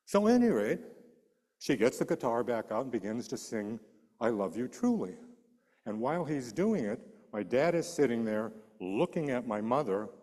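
A man preaching in a large hall, his mid-range voice ringing with long reverb. He tells a personal story with animated delivery, acting out the voices of the people in it. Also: mid-range voice. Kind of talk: sermon storytelling.

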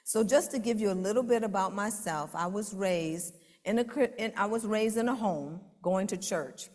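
A woman with a fairly low voice shares her church testimony with fervent conviction, slowing and rising on her emphatic lines. Her words ring out through a large sanctuary with a long, lingering reverb. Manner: fervent, rises loud and slow on emphatic lines. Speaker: preschool teacher giving a church testimony.

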